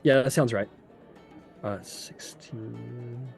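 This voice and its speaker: A man's voice: mid-range voice, steady tone, drawn-out words, creaky, darkish tone, faint music behind. A man narrating a tabletop game as its game master, talking in a casual, chatty way full of fillers.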